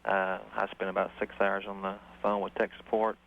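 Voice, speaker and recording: A male caller asking a computer question, hesitant and halting. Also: deep voice, flat delivery. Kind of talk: phone-in question. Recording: tinny phone line with faint hiss.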